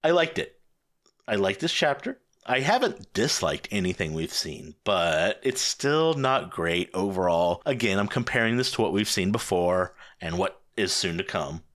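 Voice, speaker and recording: A man from North Carolina, co-hosting a podcast in casual chat, wry and quick to laugh. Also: low voice, sing-song, a bit bright. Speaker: podcast co-host.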